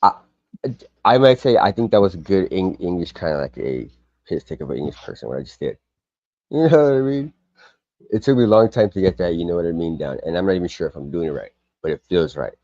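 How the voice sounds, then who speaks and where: A man's voice: low voice, animated, fast talker, darkish tone, no echo, dull audio. An older American man in a rambling, profane casual chat on a live stream, often stopping and restarting. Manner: rambling, profane, self-interrupting.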